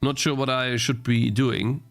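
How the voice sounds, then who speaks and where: A man's voice: mid-range voice, little pitch movement, a little slow, soft background music. A young man streaming a game he is playing, thinking aloud, restarting his sentences and getting easily frustrated. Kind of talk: live-stream gameplay commentary.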